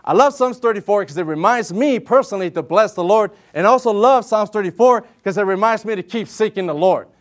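A man preaching a sermon in an earnest, conversational way, pressing hard on key words and slowing into a measured cadence when he reads scripture. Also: sits high, expressive. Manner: earnest and conversational, rising to emphatic stresses. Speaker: lay preacher.

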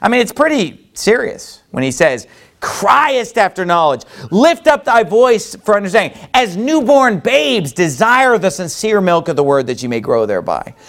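A man preaching a sermon as pastor, animated and full of rhetorical questions, reading scripture in old-fashioned wording. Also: high voice, moderate pace, creaky.

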